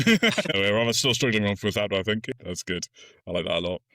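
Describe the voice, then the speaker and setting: A man's voice: fairly low pitch, normal speed, dry recording, studio quality. A man, a podcast co-host chatting casually and animatedly through a film recap. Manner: animated storytelling, slips into funny voices. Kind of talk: casual film review chat.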